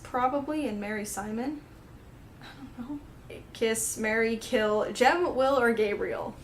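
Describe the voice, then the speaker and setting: A woman's voice: a little high, a little hiss or hum. A young woman answering a book questionnaire in a casual vlog, rambling with lots of fillers and giggles. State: tearful, crying. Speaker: book vlogger.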